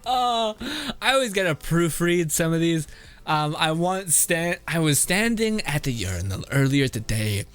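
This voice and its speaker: A man's voice: on the high side, very animated, unhurried, a bit bright, smooth. A man streaming his reactions to memes in a casual, blunt, swear-filled way, laughing often. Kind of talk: casual commentary.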